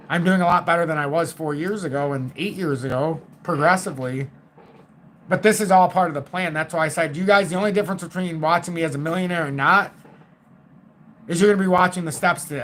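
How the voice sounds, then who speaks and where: A man in his early forties talks through market charts on a live stream, excitable and emphatic. His voice sits a little on the high side. He thinks aloud with fillers and drops the odd curse. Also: a little hiss or hum. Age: 40s. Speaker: crypto live-stream host.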